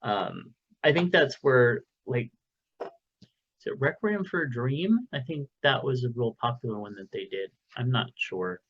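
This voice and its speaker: A man's voice: medium pitch, expressive, unhurried, muffled recording. A man co-hosting a podcast in casual, rambling chat, joking and trailing off with fillers, recorded at home. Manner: rambling, jokey, lots of fillers. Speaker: podcast co-host. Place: home recording room, window open.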